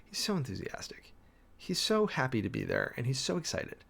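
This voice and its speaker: A preacher reads scripture aloud and breaks off into loose, self-interrupting asides. He is a man with a gravelly edge to his mid-pitched voice, and he sounds like he is working out his sermon as he goes. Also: wildly swooping pitch, brisk, a bit bright. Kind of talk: casual sermon preparation, reading scripture aloud.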